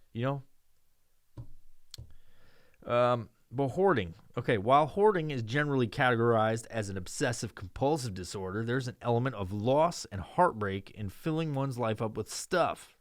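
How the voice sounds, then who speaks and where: A man's voice: medium pitch, no room sound, clean studio sound. A man from New York hosting a podcast, ranting and joking with lots of swearing in a loose monologue. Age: adult with a child. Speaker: podcast host.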